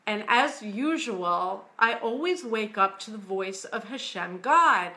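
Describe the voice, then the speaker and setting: A woman from the United States telling a personal story slowly and earnestly, getting emotional at times. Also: medium pitch, lively intonation. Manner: slow, earnest storytelling, quiet and hushed when quoting God. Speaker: author. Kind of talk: personal testimony.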